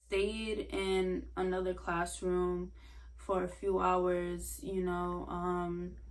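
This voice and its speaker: A young woman telling a personal story in a casual, halting way, full of "like" fillers. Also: lowish voice. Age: young adult. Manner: halting, many "like" fillers, soft and earnest. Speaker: vlogger sharing a personal story. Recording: voice a bit far from the mic.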